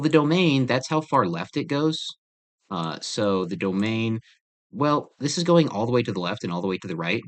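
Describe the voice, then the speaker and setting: Chatty math teacher, lowish voice. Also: male voice. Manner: chatty, self-deprecating, thinks aloud with fillers. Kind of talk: casual screen-recorded math lesson.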